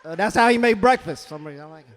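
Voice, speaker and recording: Guy doing stand-up, pretty high voice, punchy loud delivery, echoey club hall. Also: animated, racing. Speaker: stand-up comedian. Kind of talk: stand-up comedy set. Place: comedy club stage. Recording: reverberant comedy club hall.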